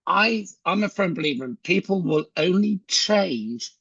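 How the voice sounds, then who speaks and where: Man, sales trainer, raspy voice, chatty storyteller, dry muffled video call audio. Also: sits high, animated, a little slow, hardly any pauses, a bit bright, dry recording. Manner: chatty storyteller who acts out dialogue.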